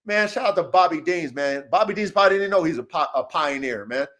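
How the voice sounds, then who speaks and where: A man's voice: on the high side, animated, fairly quick, fairly bright tone. A man hosting a podcast in a casual, preachy monologue, swearing often and repeating his points for emphasis. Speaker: podcast host and dog breeder.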